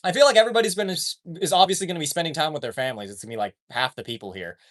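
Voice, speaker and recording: A man's voice: on the high side, very fast, a bit bright. A man live-streaming and chatting casually with his viewers. He reads their comments aloud, rambles, trails off mid-sentence and swears offhandedly.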